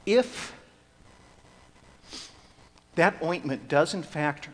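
Guy preaching a sermon, higher voice, gets loud and emphatic then drops quiet, big echoey hall, faint hum behind. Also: lively intonation, extremely slow. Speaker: pastor. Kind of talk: expository sermon.

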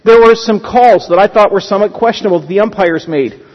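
A pastor with a high voice preaches quickly in a church sanctuary, telling stories in a loose, conversational way and often restarting his phrases. The audio is dull and lo-fi, with a long reverb trailing his words.

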